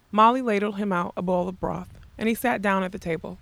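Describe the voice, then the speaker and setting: A woman's voice: medium pitch, a little fast, vocal fry, a bit bright, no room sound. Woman narrating a storybook. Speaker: audiobook narrator.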